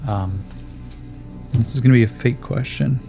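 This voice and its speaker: A man's voice: medium pitch, moderate pace, gravelly, warm tone. A man running a tabletop game as game master, thinking aloud as he checks the rules and narrates the scene. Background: faint background music.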